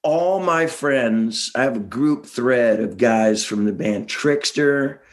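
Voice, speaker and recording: A middle-aged man, a band singer and songwriter, telling rambling, animated stories with self-deprecating jokes in a casual interview. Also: medium pitch, takes it slowly.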